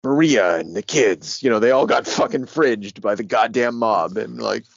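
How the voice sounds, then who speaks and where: A man co-hosting a casual podcast about comics, talking in an animated way, laughing often and swearing freely. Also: medium pitch, normal speed, vocal fry, dry recording. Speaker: podcast co-host. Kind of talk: casual comic book discussion. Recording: dry, dull lo-fi sound.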